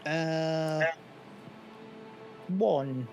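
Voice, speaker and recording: A man's voice: on the high side, drawn-out words, a little mellow, soft background music, poor audio. A man playing a tabletop game, chatting casually and breezily explaining his character's abilities. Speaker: player.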